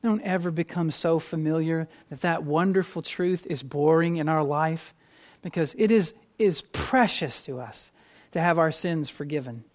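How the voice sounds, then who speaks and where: A pastor preaching a sermon to a congregation, swinging between loud stressed phrases and quiet asides, and often repeating words when restarting a thought. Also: mid-range voice.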